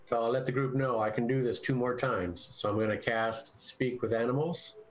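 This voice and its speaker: Guy playing a tabletop game, polite, kinda halting, plain voice. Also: mid-range voice, a little hiss or hum, poor audio. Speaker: player.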